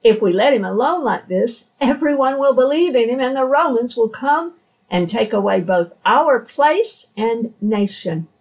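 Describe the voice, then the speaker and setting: Anxious priests' council, read by a woman; slow scripture reading, distant mic. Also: fairly high pitch, expressive, a little mellow. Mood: worried.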